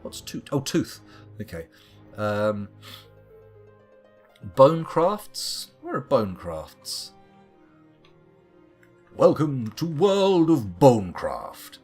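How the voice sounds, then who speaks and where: A man's voice: sits low, husky. A man live-streaming a game, chatting casually and reading viewers' comments aloud as he plays. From United Kingdom. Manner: chatty, reads chat aloud and muses to himself. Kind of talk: live-streamed gameplay chat.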